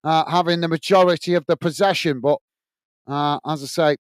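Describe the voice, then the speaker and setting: Male watch-along host, high clean voice, dry close mic, easygoing match chat. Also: brisk, smooth, no room sound. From United Kingdom. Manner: friendly, reads out viewer messages, frequent "mate" and "uh" fillers; excited goal call. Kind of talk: live football watch-along commentary and chat.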